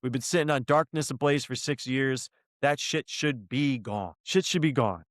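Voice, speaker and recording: A man's voice: medium pitch, moderate pace, no echo, studio quality. A man co-hosting a casual podcast, worked up and ranting, swearing freely as he argues his point. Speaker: podcast co-host. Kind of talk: heated casual podcast discussion.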